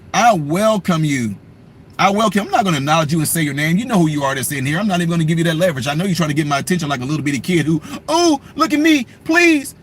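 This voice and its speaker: Animated, mocking man hosting a livestream. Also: fairly high pitch, slightly rough. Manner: mocking, animated, reads viewer comments and taunts trolls. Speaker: political livestream host. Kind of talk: casual livestream commentary.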